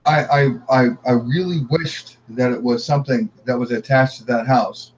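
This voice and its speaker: Halting middle-aged man recounting hauntings. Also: medium pitch, fairly even intonation, highs cut off. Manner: halting, repeats words, acts out quotes. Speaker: guest. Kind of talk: recounting paranormal experiences.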